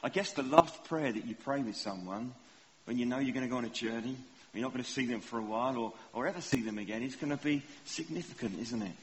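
Preacher in a reverberant hall. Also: male voice, medium pitch, slight background noise. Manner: conversational, self-deprecating, asks the congregation questions. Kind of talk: sermon. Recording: long hall reverb, faint ambience.

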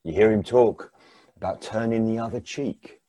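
A man preaching a sermon as second-person guided storytelling, dramatic, swinging between hushed and emphatic. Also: lowish voice, moderate pace, no echo.

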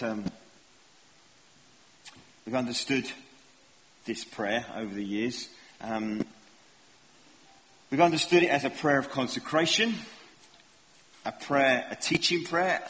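A man's voice: medium pitch, fairly bright tone, a little hiss or hum. A middle-aged man preaching a sermon in a conversational, self-deprecating way, often asking the congregation questions. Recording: long hall reverb, faint ambience.

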